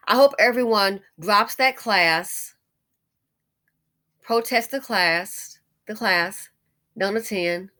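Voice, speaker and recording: A woman's voice: medium pitch, fairly bright tone. A middle-aged woman in casual commentary, indignant and emphatic, repeating her points and calling the listener honey.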